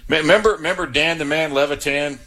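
A man hosting a call-in sports radio show, chatty and quick to joke with callers. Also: fairly high pitch, steady tone, pushed and bright.

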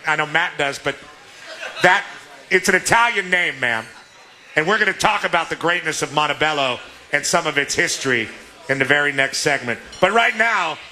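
A man's voice: a little high, pushed and bright. A man from Southern California hosting a live sports radio remote from a restaurant, joking and often laughing. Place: restaurant, indoors public space.

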